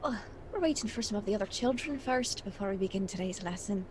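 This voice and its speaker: A woman's voice: medium pitch, lively intonation, fast talker, background noise, pitched below the performer's own voice, lightly acted. A woman voicing a nervous woman posing as a teacher, in a put-on Irish accent.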